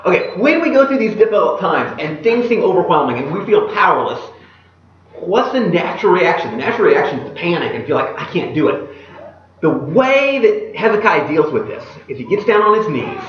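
A man preaching a sermon in an animated way, voicing the prayers he reads aloud. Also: sits high, a little fast. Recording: echoey hall, dull lo-fi sound.

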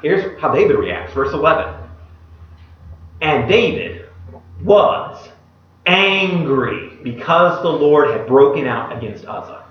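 A man preaching a sermon, retelling a Bible story in an animated way and putting questions to his listeners. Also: on the high side, slow, pauses often, slight background noise. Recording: echoey, distant, dull room recording.

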